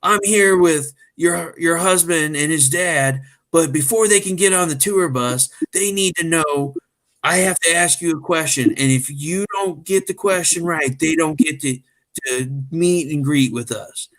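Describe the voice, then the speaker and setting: Brash, bossy rock star man on a phone prank as a man does the voice, pitched up and bright. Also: a little slow. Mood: mock-official.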